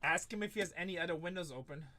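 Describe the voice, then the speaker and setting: Bright-voiced man hosting card breaks. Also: a little high. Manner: chatty banter with viewers, quick apologies. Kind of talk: casual live-stream chat.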